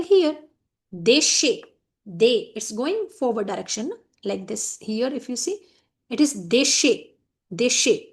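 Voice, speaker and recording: Here is an Indian woman in middle age teaching a French lesson, her voice a little high. She explains each phrase slowly and firmly warns her students off common mistakes. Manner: switches between French, English and Hindi, explaining each phrase; firm, scolding reminders about mistakes. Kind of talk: classroom lesson explaining a letter.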